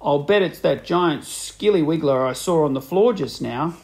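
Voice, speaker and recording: A man voicing a mean, gloating old husband in a storybook reading, loud and teasing. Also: fairly high pitch, normal speed, lightly acted. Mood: gloating, spooky.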